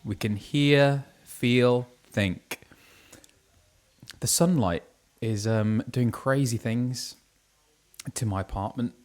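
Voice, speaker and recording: A man's voice: medium pitch, slow, pauses often, a little mellow. A man livestreaming from his kitchen, chatting casually with viewers and reading out their messages, with plenty of ums. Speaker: livestreamer and voice actor. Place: his kitchen at home, indoors. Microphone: streaming setup with ring light.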